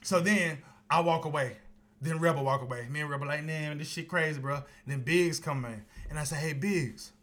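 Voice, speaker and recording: A man co-hosting a podcast, telling a story in casual chat with lots of laughter and sudden high-pitched outbursts. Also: fairly quick. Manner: animated, laughing storyteller, voice jumps high when excited. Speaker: podcast co-host.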